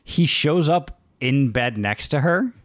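A man chats on a movie podcast in a wry, laid-back way, rattling off facts with many pauses and fillers. His voice sits in a dry, close recording with no room sound. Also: medium pitch, lively intonation, no room sound. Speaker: podcast co-host. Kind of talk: casual movie review chat.

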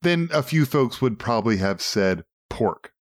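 A man's voice: medium pitch, lively intonation, unhurried, dry recording, clean studio sound. A man co-hosting a casual talk show, rambling, swearing and enthusiastic. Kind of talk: casual chat.

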